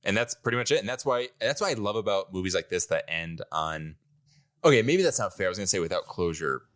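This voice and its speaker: Man, deep voice, lively, casual podcast chat, rambling, laughing. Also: quick pace. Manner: laughs often, rambling with fillers. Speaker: podcast co-host.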